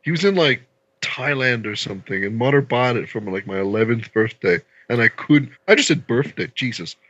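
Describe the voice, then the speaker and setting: A man's voice: mid-range voice, lively intonation, a little fast, a bit bright, dry recording. Man chatting on a dull line. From Newfoundland, Canada. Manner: chatty, explains accents knowingly, teasing. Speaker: podcast guest. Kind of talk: casual chat.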